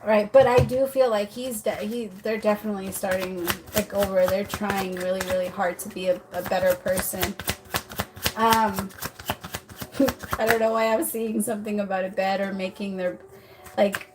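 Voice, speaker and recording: A woman's voice: mid-range voice, fairly even intonation, moderate pace, very noisy. Giggly chatty woman reading tarot. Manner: chatty, giggly, many fillers and restarts. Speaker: tarot reader. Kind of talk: casual livestream tarot reading.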